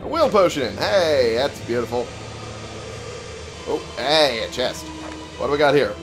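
A young man drawls his way through a let's-play, swearing freely and cracking dry jokes at the on-screen text. His pace is slow and unhurried, with the game's music running clearly underneath. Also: mid-range voice, big pitch swings, poor audio. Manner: slow, swearing, reads item text aloud with wry jokes. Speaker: gameplay commentator. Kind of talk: casual let's-play commentary. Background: game music.

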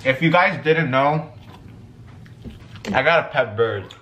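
A young man casually chatting while he eats through a fast-food meal, laid-back and slangy, dropping "you know what I'm saying" again and again. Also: mid-range voice, expressive, a bit bright, slight background noise. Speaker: vlogger and musician. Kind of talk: casual mukbang chat while eating. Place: room at home. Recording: echoey room.

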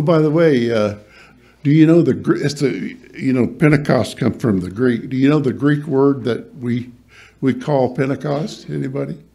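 Slow, husky-voiced man preaching. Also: medium pitch, darkish tone. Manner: halting, many restarts and fillers, reads scripture aloud; quizzes the congregation lightly. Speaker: pastor. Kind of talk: sermon. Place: church hall.

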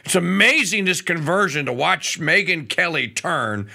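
Man, radio host, gravelly, bright tone, lively pitch, stammering restarts. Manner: animated, stammering restarts, quick pitch jumps. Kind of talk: casual political talk radio.

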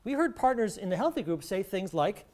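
Woman, professor, earnest and explanatory, animated intonation. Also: medium pitch, brisk. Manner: earnest, explanatory, some restarts. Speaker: professor, relationship researcher. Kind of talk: scripted talk on couples' health.

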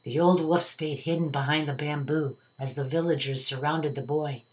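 Older lady reading a kids storybook out loud, low voice, teacher vibe. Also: normal speed. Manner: warm, expressive reading to children. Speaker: retired teacher reading aloud. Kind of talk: children's story read-aloud. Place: at home.

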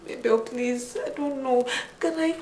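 A woman's voice: high voice, unhurried, warm tone, a little hiss or hum. An actress with a Nigerian accent playing a married woman caught cheating, pleading and begging over and over. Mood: distraught. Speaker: actress in a film. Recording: roomy room with film score.

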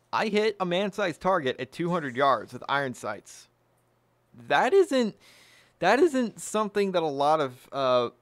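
On a dry recording, a man with a fairly high, fairly bright voice runs his own gun channel. Speaking straight to camera, he's blunt, profane and self-satisfied in a casual way.

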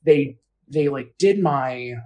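A woman's voice: rumbling low, slow pace, darkish tone. A woman telling her own story in an interview, casual and blunt, with frequent fillers. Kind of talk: personal account in an interview.

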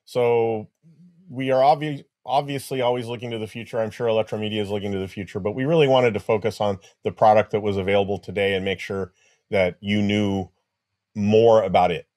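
Male webinar presenter, relaxed conversational answers with light dry humor, video call audio. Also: fairly low pitch, a little fast. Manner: conversational, answers questions with small restarts and dry jokes. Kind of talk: live webinar Q&A.

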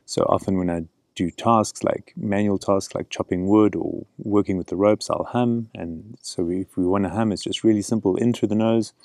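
A middle-aged man teaching gentle breathing practice outdoors, speaking in a calm, encouraging way. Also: sits low, moderate pace, creaky, hardly any pauses, no echo. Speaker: breathing coach. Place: outdoors in a canyon.

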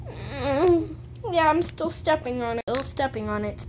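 A woman with a high, lively voice talks her viewers through a home vlog, unhurried and playfully dramatic. She leans hard into every complaint. Household noise runs clearly behind her. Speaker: vlogger. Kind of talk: casual vlog chat.

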